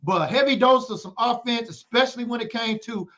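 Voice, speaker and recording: A high-pitched man talking football on a podcast with a hyped, teasing energy. The audio sounds dull and lo-fi. He sounds like he's in his thirties. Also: fairly quick, fairly bright tone. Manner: hyped, playful trash talk. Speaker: podcast co-host. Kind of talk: casual sports talk.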